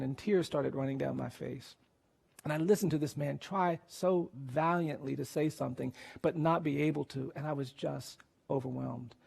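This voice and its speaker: Male lawyer-speaker, fairly high voice with gravel, earnest and grave storytelling. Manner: earnest, grave, builds to quiet intensity. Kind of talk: emotional storytelling speech.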